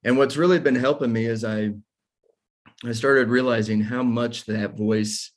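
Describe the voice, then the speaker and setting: A man's voice: medium pitch, steady tone, a little slow. A man in his forties hosting a casual faith discussion, talking candidly and self-deprecatingly about his own struggles. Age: 40s.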